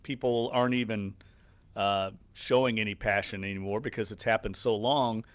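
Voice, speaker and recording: A man's voice: on the low side, steady tone, normal speed, clean tone, no echo. A man with a New Orleans accent co-hosting sports radio, opinionated and exasperated as he argues his points.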